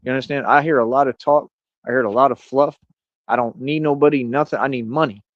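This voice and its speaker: A man's voice: mid-range voice, steady tone, fast, no room sound. Man, 30s, streamer, combative bragging rant, dull lo-fi dry audio. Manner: boastful, confrontational ranting. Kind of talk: rambling livestream monologue.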